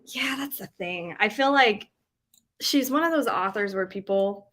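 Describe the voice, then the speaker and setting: A woman's voice: mid-range voice, animated, unhurried, a bit bright. A woman hosting a live reading stream, chatting casually with her viewers in a bubbly way, full of "like" and "um". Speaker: book-reading livestream host.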